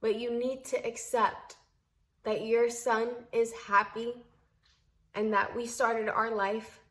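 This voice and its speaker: A woman's voice: fairly high pitch, flat delivery, takes it slowly, a bit bright. A young woman telling a storytime vlog to camera, heated and emphatic, at times tearful and earnest. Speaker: vlogger.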